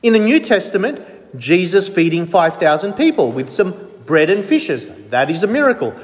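A man's voice: high voice, very animated, moderate pace, in a large hall. A man preaching a sermon as pastor, emphatic, stressing points in lists.

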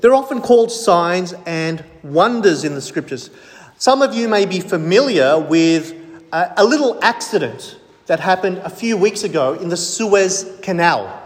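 A man's voice: sits high, expressive, unhurried, long reverb tail. A man preaching a sermon as pastor, emphatic, stressing points in lists.

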